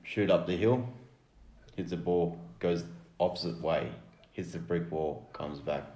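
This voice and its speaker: Man, low voice, rambling storyteller, echoey room, casual podcast chat. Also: unhurried, a little mellow. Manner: rambling storyteller, restarts a lot. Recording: roomy echo.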